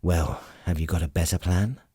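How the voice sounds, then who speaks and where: A man voicing a grim young male half-elf leader with a husky, commanding voice. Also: low voice, normal speed, warm tone, dry recording, clean studio sound.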